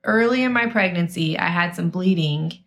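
Bright-voiced woman co-host affirming along. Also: lowish voice, moderate pace. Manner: attentive listener, steady affirmations, playful when joking. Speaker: podcast co-host. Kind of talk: casual chat.

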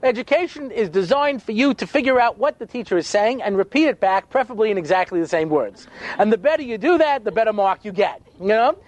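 Guy rabbi doing a comedic talk, high-ish voice, super bouncy pitch, acts out everybody. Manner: animated, quick asides, acts out voices. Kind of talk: humorous storytelling talk.

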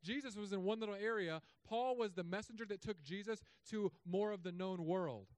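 A man preaching a sermon as pastor, in his thirties, with humorous, sarcastic asides and animated swings in delivery. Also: high voice, moderate pace, smooth, no room sound.

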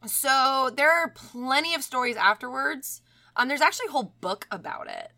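A young woman casually telling a haunted doll story on a podcast, animated and swearing, often laughing. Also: high voice, normal speed.

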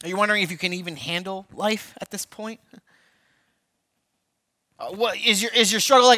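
A man in his thirties preaching a sermon, animated and storytelling, swinging between loud emphasis and hushed asides. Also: sits high, moderate pace, long pauses. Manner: repeats words, storytelling. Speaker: pastor.

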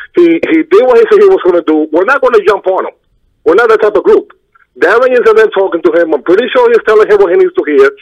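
A man with a Connecticut accent calling in to a sports talk show, chatty and emphatic, calling people man and brother. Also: high-pitched. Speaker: caller. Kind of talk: call-in chat. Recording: muffled phone line.

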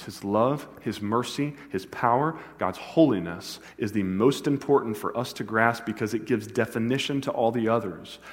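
Lower-voiced pastor preaching in a reverberant hall. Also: male voice. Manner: animated preaching, rising to emphatic peaks. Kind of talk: sermon. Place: church sanctuary. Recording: long church hall reverb.

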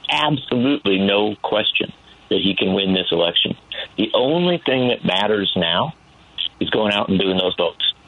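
Earnest male phone-in commentator, husky low voice, thin phone sound. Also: animated, normal speed, no echo. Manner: earnest, building passion. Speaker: political commentator. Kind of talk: call-in radio commentary. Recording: tinny phone line.

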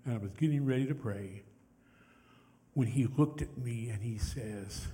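A man leading a congregation in hymns, who pauses to tell a story in a soft, heartfelt voice that sinks very quiet. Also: mid-range voice. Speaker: worship leader and chaplain. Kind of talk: hymn leading with spoken testimony. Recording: reverberant hall with loud music.

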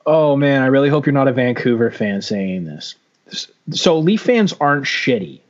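A man's voice: mid-range voice, big pitch swings, normal speed. A man co-hosting a casual sports chat, blunt and opinionated, swearing often. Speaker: podcast co-host. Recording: dull lo-fi audio.

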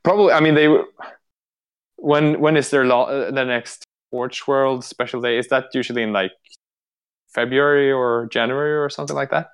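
A man's voice: mid-range voice, fairly even intonation, normal speed, smooth. Swedish male podcast host, loose and rambling, swears freely, many fillers. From Sweden. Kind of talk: casual chat.

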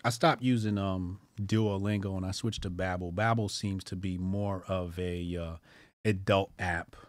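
A man hosting a casual live stream, talking loosely with lots of fillers and jumping high for comic emphasis. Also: measured pace, no echo. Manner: animated, jumps pitch for comic emphasis; loose and profane, with many fillers. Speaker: streamer host.

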